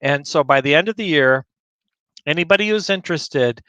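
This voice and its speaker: A man hosting a community news livestream, rambling casually as he clicks through a website and greets viewers by name, a bit choked up and clearing his throat. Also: on the high side, expressive, moderate pace, pushed and bright, dry recording. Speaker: livestream host.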